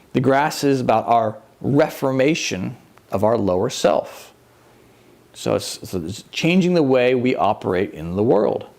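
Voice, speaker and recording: A man giving a conversational, animated sermon as a church minister, with self-mocking humor. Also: mid-range voice, vocal fry.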